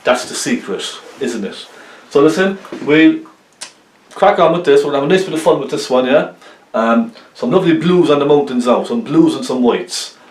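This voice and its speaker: A friendly man leads an easygoing painting lesson in his studio, his mid-pitched voice bouncing around a roomy, echoey space. He rambles warmly between steps, dropping ums and asking "isn't it?" as he goes. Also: lively intonation, normal speed. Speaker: painting teacher. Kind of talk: chatty painting tutorial.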